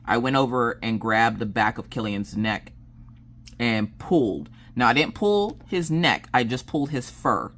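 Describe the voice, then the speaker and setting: A woman chatting casually on her craft channel, telling animated stories and laughing as she goes. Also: measured pace. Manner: animated, acts out quoted dialogue with big pitch jumps. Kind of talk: casual chat storytelling.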